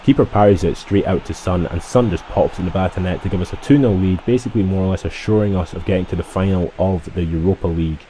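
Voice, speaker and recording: A man's voice: low-pitched, dark tone, slight background noise, rough recording. A man giving rambling, casual commentary over his own football game recording, often correcting himself as he goes. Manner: rambling, self-correcting, fast-talking. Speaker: gaming YouTuber.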